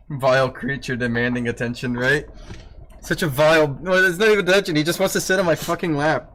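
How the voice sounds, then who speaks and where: A man's voice: on the high side, fairly even intonation, fairly quick, a bit bright. Man casually chatting on stream. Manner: teasing his dog, then griping about tedious work, swearing casually. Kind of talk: casual live-stream chat.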